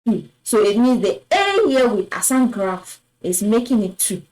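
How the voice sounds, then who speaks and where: Slow, patient woman teaching. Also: on the high side, big pitch swings, rough recording. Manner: patient, repeats words, adds a soft "yes". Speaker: French teacher. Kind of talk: slow explanatory lesson.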